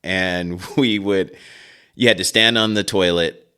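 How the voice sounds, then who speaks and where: Podcast host, man in his forties, lowish voice, rambling and chuckling storyteller. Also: steady tone, unhurried, sharp tone, smooth. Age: 40s. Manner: rambling, chuckling, frequent asides. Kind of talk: casual storytelling.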